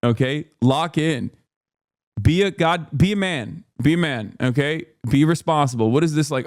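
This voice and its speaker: Casual stream host, man, higher-pitched, rambling and animated, close dry mic. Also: normal speed, no room sound. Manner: rambling, animated, swings from mumbling to loud exasperation.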